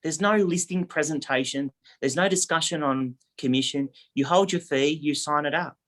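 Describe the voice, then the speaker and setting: Lively real estate agent. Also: male voice, fairly high pitch, normal speed. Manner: animated anecdote teller, lively, acts out quotes. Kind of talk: casual storytelling and coaching.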